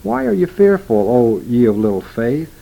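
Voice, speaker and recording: A man voicing a calm male teacher with gentle authority, in a measured, solemn delivery. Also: medium pitch, gravelly, low-quality recording.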